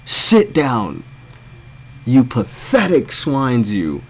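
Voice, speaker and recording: A man's voice: medium pitch, big pitch swings, very slow, husky. An American man telling a story as a blunt, heated, profanity-filled rant to his viewers. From United States. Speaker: storyteller ranting to camera.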